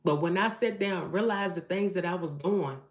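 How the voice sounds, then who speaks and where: A woman's voice: fairly low pitch, normal speed. A woman, a mother and vlogger, giving emphatic motivational advice to her camera and repeating phrases for emphasis. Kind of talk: preachy motivational talk to camera. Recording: roomy echo.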